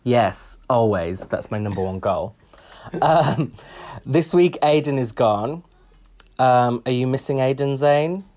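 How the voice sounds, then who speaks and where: A man's voice: mid-range voice, takes it slowly, darkish tone. A man co-hosting a podcast in casual chat, wry and chatty with frequent ums. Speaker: podcast co-host.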